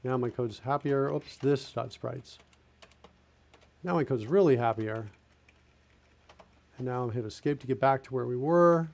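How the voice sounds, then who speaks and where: A man with a mid-range, darkish voice streams a live coding session. In casual narration, he thinks aloud as he types and corrects himself along the way.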